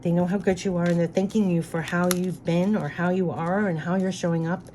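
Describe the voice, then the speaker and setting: A woman with a low, mellow, warm voice reads spirit cards aloud for the viewer. She sounds earnest and heartfelt, circling back to the same reassuring phrases over and over. Faint noise sits underneath her. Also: steady tone, a little fast. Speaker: spirit card reader. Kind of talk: intuitive card reading addressed to the viewer.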